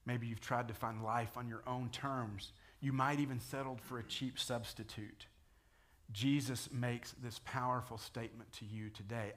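A male pastor gives a sermon in a conversational tone, talking straight to his listeners. His voice sits at an ordinary middle pitch, and he lifts it loudly for the dramatic scripture quotes. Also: fairly even intonation, moderate pace. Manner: conversational preaching, rising to loud dramatic quotes.

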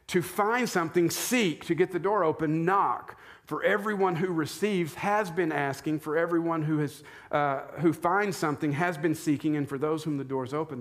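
A man, a pastor, giving a conversational sermon from the pulpit and asking his listeners rhetorical questions. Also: a little high. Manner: informal, asks the congregation rhetorical questions. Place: church, speaking from the pulpit.

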